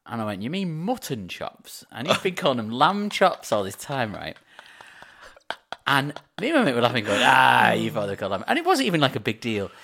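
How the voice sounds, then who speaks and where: This is a young man telling stories on a casual podcast. His voice sits in a middle pitch but moves a lot, rising sharply when he gets to the surprising part. He comes across as eager and chatty. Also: brisk. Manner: animated, eager anecdote teller. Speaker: podcast co-host. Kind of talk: casual chat.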